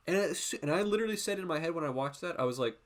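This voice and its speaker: A man's voice: a little high, rapid-fire. A man hosting a casual art livestream, talking in a rambling, profane way and drifting from tangent to tangent while he draws. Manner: animated, often slipping into quoted voices. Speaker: art streamer and host.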